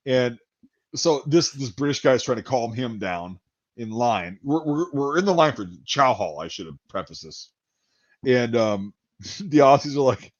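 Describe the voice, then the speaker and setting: A man in casual chat spinning a long, profane anecdote and slipping into the voices of the people in it. His pitch sits in the middle range. The recording is dull and lo-fi. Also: animated, moderate pace. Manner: profane, rambling anecdotes with acted-out quotes.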